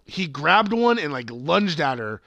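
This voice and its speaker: A man co-hosting a casual movie review podcast, talking in an animated way with lots of swearing and filler "like". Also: on the high side, measured pace, vocal fry, no echo, highs cut off. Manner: animated, swears a lot, says like often. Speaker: podcast co-host.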